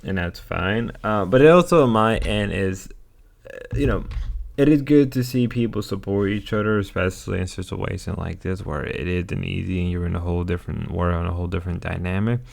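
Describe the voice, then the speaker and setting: A man streaming his reactions to clips offers casual, rambling, candid commentary, often correcting himself. His voice is low-pitched with vocal fry, and he speaks a little fast.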